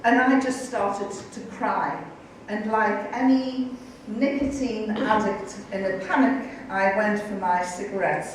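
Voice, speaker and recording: Middle-aged woman speaker, lively anecdote telling with acted-out quotes, far off in a reverberant lecture hall, faint room hiss. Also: mid-range voice. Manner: lively, acts out quoted voices. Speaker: guest speaker. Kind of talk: storytelling public talk.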